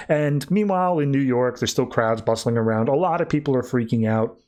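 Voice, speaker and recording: A man's voice: medium pitch, normal speed, darkish tone. Chatty man recapping comics. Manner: chatty retelling with frequent "like" quotes. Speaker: podcast host. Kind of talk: casual comic book review.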